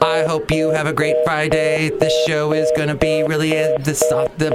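A man's voice: fairly high pitch, completely flat delivery, moderate pace, few pauses, loud music behind the voice. A man hosting a solo podcast, talking in a rambling, jokey way that drifts from topic to topic. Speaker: podcast host.

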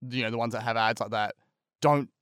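A man's voice: medium pitch, steady tone, a little fast, fairly bright tone, clear, resonant tone, dry recording. A young Australian man with an Australian accent, chatting on a podcast panel and telling stories with dry jokes. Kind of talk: casual roundtable chat.

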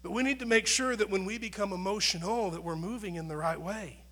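Earnest high-voiced male pastor preaching. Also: fairly quick. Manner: conversational, earnest, swings between loud emphasis and quiet asides. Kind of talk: sermon.

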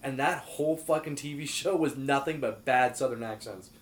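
A man's voice: mid-range voice, normal speed. Blunt swearing man from New Orleans. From US South, New Orleans. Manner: blunt, profane ranting. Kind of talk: casual chat. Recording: roomy echo.

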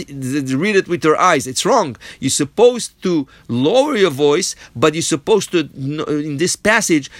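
A man's voice: on the high side, fairly bright tone, dry recording. Man giving a Torah lesson, dry sound. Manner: explains step by step, often asks "right?". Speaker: rabbi teaching Torah.

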